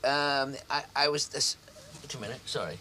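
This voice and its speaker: A man's voice: mid-range voice, moderate pace, bright, forceful tone, natural voice, rough recording. An actor in his forties playing a meek, fussy son in a studio sitcom, flustered and apologetic. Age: 40s. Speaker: grown son. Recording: studio audience laughter. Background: audience laughter.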